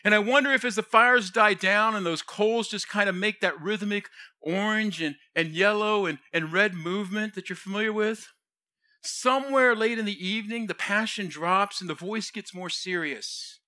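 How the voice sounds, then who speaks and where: A man delivers a storytelling sermon. His voice sits high and rings bright. He retells scripture in relaxed modern words and acts out the voices of the people in it. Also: normal speed. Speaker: preacher.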